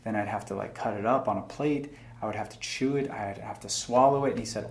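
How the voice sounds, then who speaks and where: A man's voice: lowish voice, fast, hardly any pauses, darkish tone. A young man giving an earnest, reflective talk to camera about faith and struggle, quoting scripture in a plain-spoken way. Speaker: faith video host.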